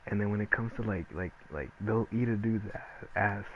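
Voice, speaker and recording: A man with a fairly low voice rants casually over his gameplay. He rambles and swears, stacking one filler word on another. There is constant noise in the background. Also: moderate pace, phone-quality sound. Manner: profane, rambling, heavy on filler words. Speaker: gameplay commentator. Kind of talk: casual ranting chat. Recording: noisy background.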